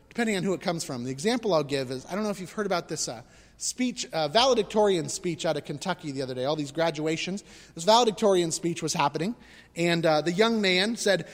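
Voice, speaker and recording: A man preaching a conversational sermon, animated and full of rhetorical questions. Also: high-pitched, in a large hall. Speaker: pastor.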